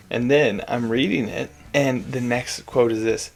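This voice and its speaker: A man's voice: mid-range voice, unhurried, creaky, music in the background. A man casually reacting to a fantasy romance novel he is reading, joking and laughing a lot. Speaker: book reviewer, reader.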